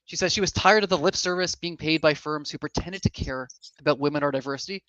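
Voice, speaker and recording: A man hosting a live online summit, talking quickly in a chatty, self-correcting way. His voice comes through a muffled, lo-fi mic with a very dry sound and no room echo. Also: fairly high pitch, sharp tone. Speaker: summit host.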